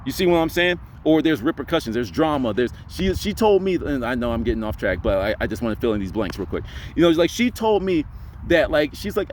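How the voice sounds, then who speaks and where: Fast, rambling young man telling a story. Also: medium pitch, very animated, slight background noise. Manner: rambling, heavy on fillers like "you know". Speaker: spiritual vlogger. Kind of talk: casual storytelling vlog.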